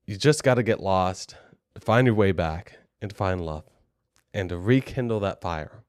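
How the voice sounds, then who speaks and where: A man's voice: low voice, normal speed, no room sound, clean studio sound. A young adult man co-hosting a podcast, telling a story in a chatty, rambling, self-deprecating way. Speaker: podcast co-host.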